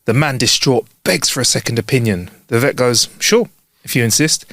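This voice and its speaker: A man's voice: medium pitch, a little fast, fairly bright tone, no room sound, studio quality. A man co-hosting a casual comedy podcast, reading jokes aloud and laughing often. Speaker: podcast co-host.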